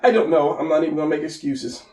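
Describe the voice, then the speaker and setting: A drawing instructor gives an unscripted lesson, rambling, correcting himself, and talking as he sketches. His voice is on the high side, steady, fast, and a bit mellow, with a roomy sound recorded from a distance.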